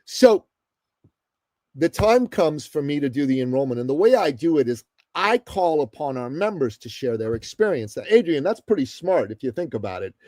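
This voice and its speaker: A man from the Middle East, a guest on a podcast, telling a story with emphatic pauses and asides to the host. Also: on the high side, very animated, a little mellow, no room sound. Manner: emphatic, addresses the host often, dramatic pauses. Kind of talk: animated storytelling in a podcast interview.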